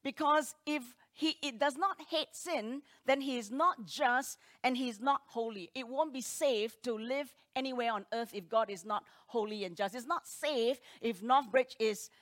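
A woman preaching a sermon, talking emphatically with rhetorical questions and swinging between loud declarations and hushed asides. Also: fairly high pitch, moderate pace, hardly any pauses.

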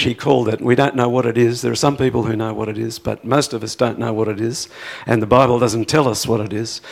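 A man preaching a sermon, rising to impassioned pleading peaks and then dropping to a quiet, reflective tone. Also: medium pitch, vocal fry. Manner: acts out prayers in a pleading voice.

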